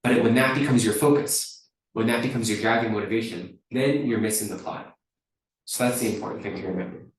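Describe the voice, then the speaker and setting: A man's voice: fairly low pitch, a little fast. Man teaching in a very echoey hall. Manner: conversational, often checks in with "right?". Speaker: Buddhist teacher. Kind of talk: dharma teaching talk. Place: teaching hall at a dharma center. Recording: very echoey room, mic far off.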